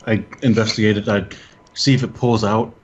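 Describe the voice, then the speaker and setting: Relaxed low-voiced male player. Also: brisk, muffled recording. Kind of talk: casual tabletop game play.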